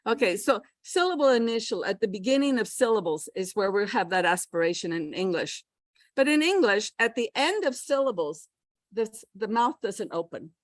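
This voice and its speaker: A woman's voice: medium pitch, animated, moderate pace, no echo. Dry-sounding woman leading a pronunciation workshop. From United States. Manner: chatty, demonstrates sounds aloud. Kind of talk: live teacher-training workshop. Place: classroom.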